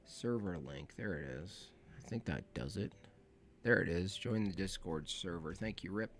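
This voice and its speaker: Hosting a call-in livestream, a man chats casually, rambling in a laid-back way and talking to himself during setup. He sits low and sounds animated at a moderate pace, with a little hiss or hum present.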